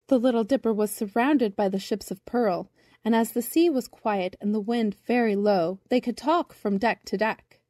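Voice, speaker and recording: A woman reading a children's storybook aloud in a gentle, measured narration. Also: a little high, dry recording, clean studio sound.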